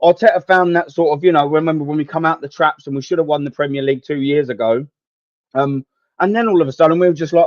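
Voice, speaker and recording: Young bloke, slightly high voice, fed-up sweary football rant to live chat; dry, muffled home mic. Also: male voice, fast talker, darkish tone, no room sound. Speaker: football watchalong host. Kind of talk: live match watchalong commentary and rant.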